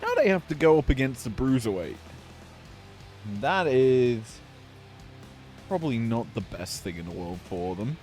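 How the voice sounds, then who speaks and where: A man's voice: medium pitch, big pitch swings, unhurried, pauses often, darkish tone, soft background music. A male commentator with a middle-range voice calls the action in a casual, joking way. He takes his time, drifting into offhand quips between the plays.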